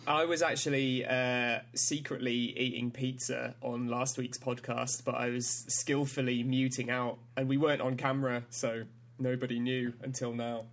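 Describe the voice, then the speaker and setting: A man's voice: mid-range voice, flat delivery, moderate pace. A man co-hosting a podcast in casual banter, laid-back and hesitant, laughing often. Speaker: podcast co-host.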